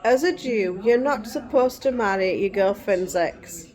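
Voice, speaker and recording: A woman's voice: medium pitch, a little slow, darkish tone. A middle-aged woman vlogging in casual chat, rambling and digressive.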